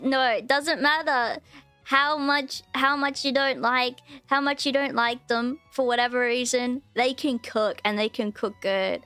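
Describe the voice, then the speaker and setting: Woman streamer, high voice, rambling giggly chat, dry close sound. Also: steady tone, a little slow, pushed and bright, smooth, dry recording, faint music behind. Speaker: VTuber streamer. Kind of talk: casual livestream chat.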